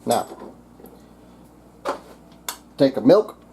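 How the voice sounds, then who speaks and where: Southern-accented man, home cooking vlog, crude jokey asides, mid-pitched voice, loud kitchen clatter behind. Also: big pitch swings, normal speed, gravelly, background noise. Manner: crude, profane, joking asides. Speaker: cooking vlogger. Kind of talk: casual cooking demonstration. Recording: kitchen clatter of pots and cutlery. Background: clinking dishes and utensils.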